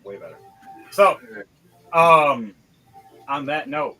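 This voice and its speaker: A man's voice: on the high side, lively intonation, slow pace, sharp tone, faint music behind, rough recording. A man narrating as game master of a tabletop role-playing session, in a loose, conversational way with frequent restarts.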